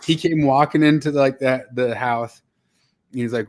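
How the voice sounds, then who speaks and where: A man co-hosting a podcast in easygoing, casual chat. His voice is mid-pitched and ordinary, and he tells stories in a laid-back way. He laughs often as he talks. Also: fairly even intonation, moderate pace. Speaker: podcast co-host.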